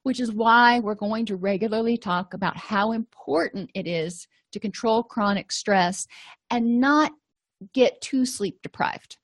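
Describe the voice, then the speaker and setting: A woman's voice: a little high, unhurried, no room sound. A middle-aged woman presenting a wellbeing lecture in a chatty, conversational way with wry asides.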